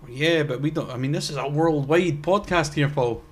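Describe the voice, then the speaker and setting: A man's voice: on the high side, moderate pace, husky. Sweary Scottish young man chatting. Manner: rambling, sweary, self-mocking. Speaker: podcast co-host. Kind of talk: casual chat.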